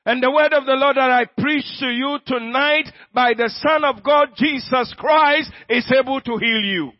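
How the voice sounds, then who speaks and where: A man preaching a sermon, slow and emphatic, repeating his phrases and breaking into shouted healing prayer. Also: very high-pitched, no room sound, highs cut off.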